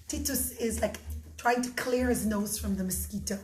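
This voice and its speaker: A woman telling a story to children in an expressive way, often calling out to them directly. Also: mid-range voice, moderate pace. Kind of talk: animated storytelling. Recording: echoey room.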